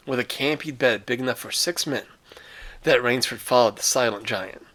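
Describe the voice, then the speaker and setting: Man, story read-aloud, dramatic phrasing, casual asides, medium pitch. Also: moderate pace, a bit bright. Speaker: reader.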